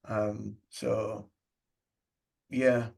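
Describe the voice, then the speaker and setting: A man on a spiritual podcast with a gravelly, husky voice. He speaks in a flat, steady tone and weighs each thought in a measured, reflective way. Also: on the low side. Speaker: podcast co-host. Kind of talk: casual spiritual podcast discussion.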